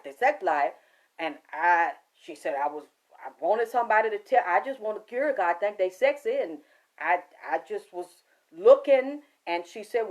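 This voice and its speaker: A woman psychic reader, telling a story in a casual monologue, cursing often and quoting herself and others. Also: fairly high pitch. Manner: profane, emphatic, quotes herself and others.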